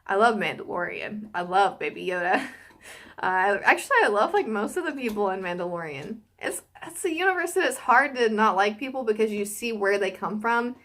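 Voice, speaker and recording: A young woman chatting casually to her viewers, gushing and excitable, with lots of fillers. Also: mid-range voice, normal speed. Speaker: YouTuber reacting to a film series. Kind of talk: casual chat to camera.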